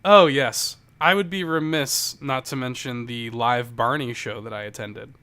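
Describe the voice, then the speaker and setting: Casual podcast co-host, man, bright tone, loose rambling delivery with swearing. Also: mid-range voice, fairly even intonation, unhurried, clear, resonant tone. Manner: rambling, profane storytelling with lots of fillers. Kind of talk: casual chat.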